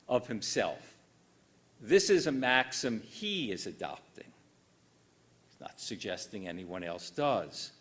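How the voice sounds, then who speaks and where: Older male lecturer, animated pitch, dry wit, formal and measured delivery. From United States. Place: lecture hall.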